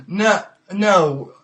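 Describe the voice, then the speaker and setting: A man's voice: high voice, fairly bright tone, slight background noise. A man hosting a live call-in podcast, chatting casually and amused, often stalling and repeating words as he goes. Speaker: podcast host taking calls. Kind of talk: casual live-stream chat.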